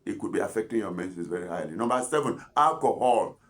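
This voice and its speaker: A man's voice: on the low side, expressive, quick pace, a bit bright. A man, a doctor giving informal health advice, chatty and scolding, rambling with repeated words and asides. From Cameroon. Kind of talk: informal health talk to camera.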